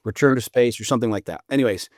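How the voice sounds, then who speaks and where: A man's voice: medium pitch, racing, no echo, clean studio sound. A man appearing as a podcast guest, telling stories bluntly and profanely in a casual conversation. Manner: animated storyteller, blunt and profane.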